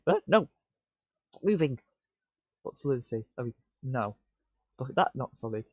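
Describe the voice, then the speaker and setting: A man's voice: medium pitch, moderate pace, pauses often, husky, dry recording. Man muttering to himself while streaming. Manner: muttering to himself, excitable, stammering restarts. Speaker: live-coding streamer. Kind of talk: casual live-stream self-talk. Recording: dull lo-fi stream audio, dry.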